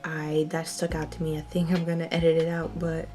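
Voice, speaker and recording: A young woman chats through her reaction to a TV episode in a loose, expressive way, her voice sitting a little low for a woman. She laughs and sighs freely between thoughts. Faint music plays softly underneath. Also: brisk. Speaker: TV reaction vlogger. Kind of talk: casual reaction commentary.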